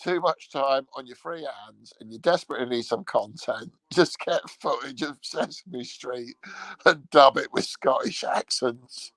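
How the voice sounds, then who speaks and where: Man, gravelly voice, slow drawl, sweary rambling show host, dry close sound. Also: medium pitch, lively intonation, a bit bright, dry recording, low-quality recording. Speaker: streamer host. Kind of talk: casual rambling monologue.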